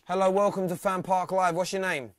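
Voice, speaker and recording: A man's voice: high voice, steady tone, fairly quick, no echo. Teasing man hosting a phone-in. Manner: chatty, laughs often, teasing callers. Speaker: phone-in host. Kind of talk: live fan phone-in show.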